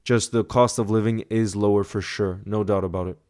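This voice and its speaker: A young man hosting a football live stream, reading out viewer messages and giving excitable shout-outs. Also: on the low side, fairly quick.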